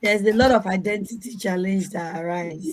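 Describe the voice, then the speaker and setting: Animated woman panelist. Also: mid-range voice, normal speed, a little hiss or hum, poor audio. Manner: animated, acts out quoted voices. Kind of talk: panel Q&A answer.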